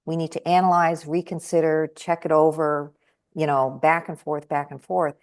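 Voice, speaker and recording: Woman guest, a touch low in pitch, animated storyteller who acts out her quotes. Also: moderate pace. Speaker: guest speaker and trainer. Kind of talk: conversational storytelling.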